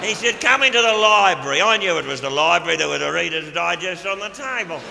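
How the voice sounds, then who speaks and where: A man's voice: sits high, lively intonation, quick pace, gravelly, echoey room, in a large hall, noisy background, full character voice. A man playing a crude, boozy Australian blowhard. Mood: boorish. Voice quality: brash, crude, gleeful ocker drawl. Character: crude boozy middle-aged Australian male official. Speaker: stage comedian in character. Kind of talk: live stand-up monologue. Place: stage before a live audience. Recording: live theater recording with audience.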